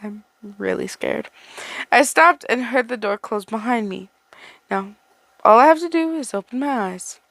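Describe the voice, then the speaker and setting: A woman's voice: on the high side, animated, unhurried, vocal fry, a bit bright, no room sound. A woman reading a fan fiction story aloud, stumbling and restarting words as she goes and breaking off into chatty asides. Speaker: story reader.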